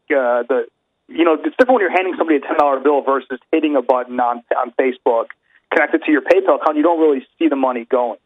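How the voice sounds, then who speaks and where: A man's voice: fairly high pitch, no room sound. A man co-hosting a podcast in casual chat, rambling and arguing with many fillers. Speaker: podcast co-host. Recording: tinny phone-line sound.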